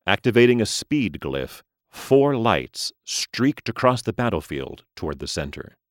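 A man reading a story aloud as narrator, in a slow, expressive style. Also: lowish voice, no room sound, clean studio sound.

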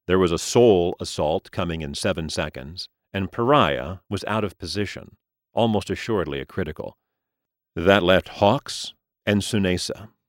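A man reading a story aloud as narrator, in a slow, expressive style. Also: low voice, no room sound, clean studio sound.

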